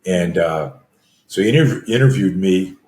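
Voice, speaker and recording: A man's voice: sits low, expressive, measured pace, a little mellow. A man in his sixties, a self-defense coach telling stories as a guest, acting out scenes with screams and gasps. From Canada. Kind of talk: storytelling in a conversation. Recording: roomy echo.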